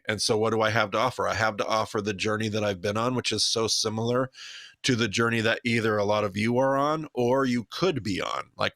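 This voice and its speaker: This man from Idaho co-hosts a podcast, chatting casually and candidly and poking fun at himself. His voice sits on the low side with vocal fry and a fairly bright tone, captured in a dry, studio-quality recording.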